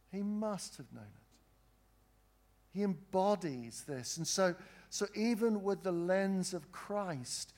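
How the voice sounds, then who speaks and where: Man, pastor, sermon; slow, deliberate delivery, a touch higher than usual, asks the congregation questions. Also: darkish tone. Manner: earnest, with slow emphatic pauses and questions to the congregation.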